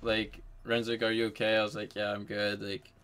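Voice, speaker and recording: A man's voice: fairly low pitch, completely flat delivery, brisk, a bit bright, clean tone. A young man telling a story to friends in a casual voice chat, rambling with lots of fillers and swearing.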